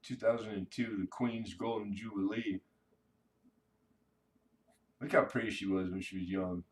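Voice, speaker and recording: Laid-back low-voiced man, slightly distant. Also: fairly even intonation, measured pace. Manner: laid-back and slangy, chatting to viewers. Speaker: coin-collecting live-stream host. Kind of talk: casual live-stream chat.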